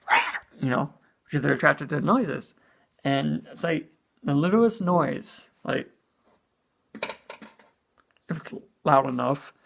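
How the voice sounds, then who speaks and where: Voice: mid-range voice, creaky, fairly bright tone. A speaker giving a casual spoken movie review as an exasperated rant, full of "you know" and swearing.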